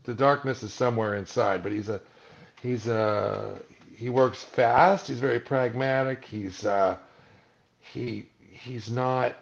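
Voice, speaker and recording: A man's voice: medium pitch, slow, vocal fry, muffled recording. A man guest on an interview, casually telling stories and acting out the voices of people he quotes. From Malibu, California. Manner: animated storyteller, acts out quoted voices.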